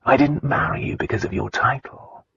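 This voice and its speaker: A man voicing a gruff, arrogant nobleman. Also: medium pitch, moderate pace, fairly bright tone, muffled recording, slight background noise. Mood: dry teasing. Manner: gruff, blunt, dryly teasing. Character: arrogant nobleman husband, gruff and dryly teasing. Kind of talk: audiobook dialogue.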